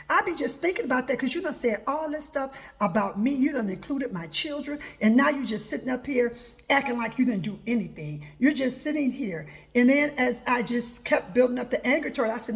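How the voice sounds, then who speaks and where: A woman with a high, bright-pitched voice talks earnestly through her own life story as advice. She keeps quoting what she told people, leaning on repeated "I said" as she goes. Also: expressive, a little fast, gravelly. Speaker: host. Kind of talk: personal advice talk.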